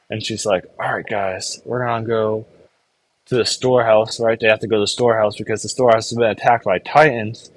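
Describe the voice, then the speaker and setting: A man's voice: fairly low pitch, no echo, poor audio. Rambling young man recapping an anime. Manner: rambling, acts out characters in quick put-on voices. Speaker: anime reviewer. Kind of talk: casual recap.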